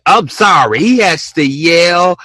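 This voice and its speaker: A young man talks straight into the mic, loose and rambling, often doubling up his words. His voice sits a touch high and sounds bright and forward. The recording is dry and close, with no room sound. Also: lively intonation, slow, no room sound. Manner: rambling, repeats words, acts out texting conversations. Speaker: podcast host. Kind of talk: casual solo podcast talk.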